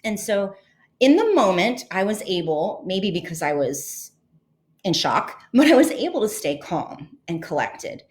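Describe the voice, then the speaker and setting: A woman's voice: medium pitch, big pitch swings, a little slow. A woman podcast host and leadership coach telling a personal story in an earnest, reflective way, with fillers and restarts.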